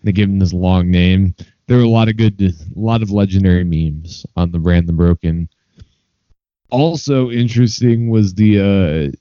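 A man's voice: on the low side, mellow, clean tone, no echo, dull audio. A man co-hosting a podcast, giving rambling hot takes in casual chat with lots of fillers. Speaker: podcast co-host.

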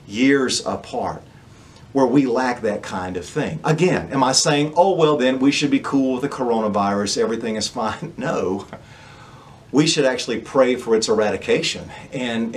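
A man with a mid-range voice preaches a sermon, posing rhetorical questions to the congregation and pausing for emphasis.

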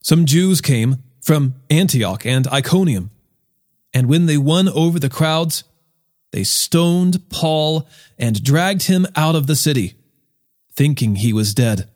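Male scripture reader, fairly high voice, measured and expressive. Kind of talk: Bible reading.

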